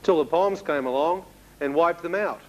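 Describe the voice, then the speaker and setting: A man from New Zealand with a New Zealand accent, telling his testimony as a sermon and acting out the dialogue in an animated way. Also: fairly high pitch, normal speed, dull audio. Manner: animated storyteller who acts out dialogue, with laughs. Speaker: preacher giving a testimony.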